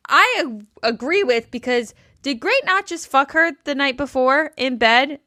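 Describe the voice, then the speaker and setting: A woman co-hosting a podcast in casual chat, her pitch swinging widely as she acts out what people said. Her voice is bright and a little high, recorded dry and close. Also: measured pace, no room sound. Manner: animated, acts out quotes of the cast. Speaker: podcast co-host. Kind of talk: casual chat recapping a reality show.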